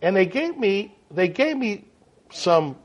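A man preaching a sermon in a folksy, animated way, often checking in with his listeners. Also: high voice, slow pace. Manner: folksy, animated, frequent "right?" and "okay?" to the audience. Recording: dull lo-fi sound.

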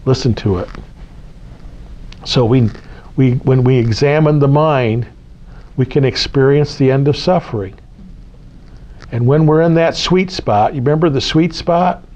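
A man's voice: medium pitch, measured pace, long pauses, darkish tone. A man, a spiritual teacher talking casually to a small group, repeating key phrases and asking his listeners questions. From United States. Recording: slightly dull lo-fi recording.

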